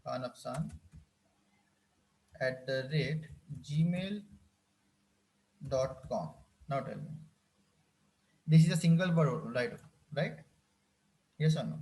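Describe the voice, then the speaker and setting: A man's voice: mid-range voice, expressive, slow, gravelly, pauses often, dark tone. A man teaching a live coding class, often repeating phrases and checking whether his students follow. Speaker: instructor.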